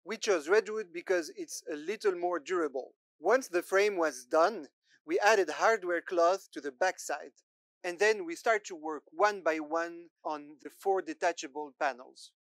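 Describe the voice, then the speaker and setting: A man co-hosting a gardening vlog, calmly walking through a build step by step. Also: fairly high pitch, measured pace, no room sound. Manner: steady step-by-step explaining. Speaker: co-host. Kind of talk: casual DIY gardening vlog.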